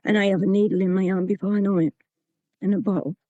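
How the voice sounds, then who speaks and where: A woman's voice: medium pitch, level tone, fast, mellow, no echo, dull audio. Candid woman sharing her story. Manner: candid, plain-spoken, with frequent restarts. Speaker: recovery meeting speaker. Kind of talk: sharing a personal recovery story.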